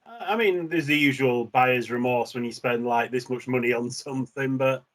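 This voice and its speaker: A man's voice: medium pitch, moderate pace, fairly bright tone. A man as a guest in a casual chat, hesitant and blunt with many fillers.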